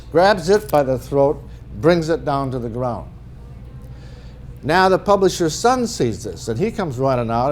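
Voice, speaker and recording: A man's voice: medium pitch, a little hiss or hum. A middle-aged man from northern Minnesota giving a talk as an author, telling humorous anecdotes in a folksy way. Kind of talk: storytelling presentation.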